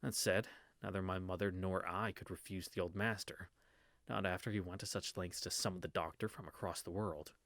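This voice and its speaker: A man's voice: low-pitched, steady tone, brisk, fairly bright tone, dry recording. A man reading a visual novel aloud in a casual read-through, stumbling on words and correcting himself with wry asides.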